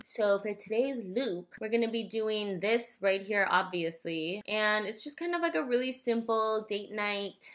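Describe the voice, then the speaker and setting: A woman's voice: mid-range voice, bright, forceful tone. A young woman talking casually through a makeup tutorial, rambling into self-mocking asides. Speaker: beauty vlogger.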